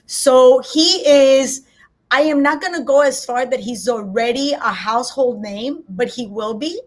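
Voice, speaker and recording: A woman guest analyst giving opinions on boxing in casual, animated talk, now and then slipping in a Spanish word. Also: high-pitched, unhurried. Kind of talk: casual chat.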